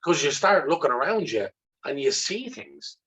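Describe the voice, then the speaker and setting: A man's voice: fairly high pitch, big pitch swings, normal speed, fairly bright tone, husky, rough recording. An Irish man, a guest in an interview, tells a personal story with intensity, swearing freely and acting out remembered dialogue. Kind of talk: candid conversational storytelling.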